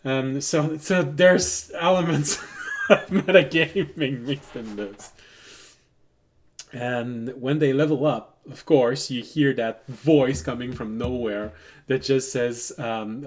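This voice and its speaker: A man running a tabletop game as game master, relaxed and digressive, laughing often as he tells stories. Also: mid-range voice, slow pace.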